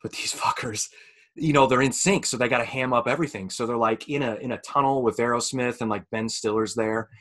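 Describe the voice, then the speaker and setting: Casting: man in his thirties, podcast co-host, mid-pitched voice, animated and profane storyteller. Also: brisk. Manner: animated storyteller, swears freely, acts out his own reactions. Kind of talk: casual podcast chat.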